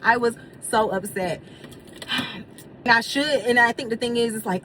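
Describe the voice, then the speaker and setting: A young woman talking casually to her vlog camera, venting about work with animated storytelling and quoted dialogue. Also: medium pitch, moderate pace, far from the mic, a little hiss or hum. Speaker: vlogger. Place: in a car and a hotel.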